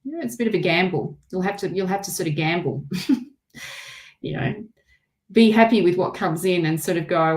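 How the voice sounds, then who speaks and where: A woman's voice: on the low side, normal speed, pauses often, a little hiss or hum. A woman with an Australian accent giving a live tarot reading, chatty and rambling, with lots of restarts. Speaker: tarot reader.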